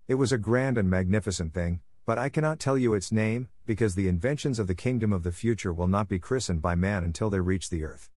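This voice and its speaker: A man reading a classic children's story aloud as narrator, in a measured, even storytelling manner. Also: on the low side, no echo, clean studio sound. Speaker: audiobook narrator. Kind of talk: storybook reading for English listening practice.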